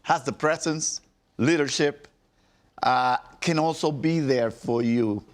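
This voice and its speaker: A man, a former pitcher working as an analyst, talking emphatically in a studio sports discussion and often repeating himself. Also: slow pace.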